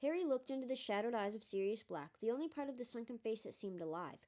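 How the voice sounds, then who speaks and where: A woman reading a storybook aloud, narrating in a plain, even manner. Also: a little high, fast talker. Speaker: audiobook reader.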